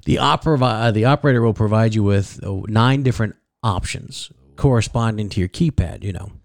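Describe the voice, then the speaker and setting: A man's voice: on the low side, brisk, no echo, studio quality. A man from the American Midwest co-hosting a casual podcast, telling a rambling story and getting flustered when teased. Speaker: podcast co-host. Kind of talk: casual chat.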